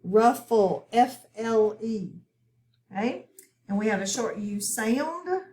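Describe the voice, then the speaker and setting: A woman teaching a phonics lesson, talking slowly and clearly as she spells out sounds. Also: on the high side, dark tone. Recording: echoey room.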